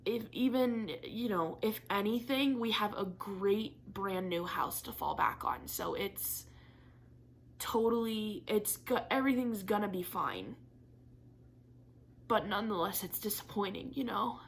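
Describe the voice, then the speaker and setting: A woman's voice: mid-range voice, measured pace, a little hiss or hum. A young woman chatting candidly to camera in a craft vlog, swearing casually and laughing often, teary and disappointed. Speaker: craft vlogger.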